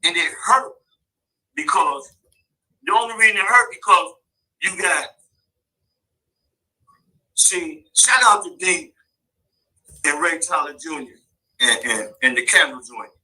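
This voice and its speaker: A man's voice: a little high, lively intonation, slow pace, long pauses, bright, forceful tone, breathy edge, low-quality recording. A man calling in to a talk show, talking at length in a rambling, emphatic way and laughing often. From local to the show's city. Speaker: caller. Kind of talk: animated call-in talk. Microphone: phone line.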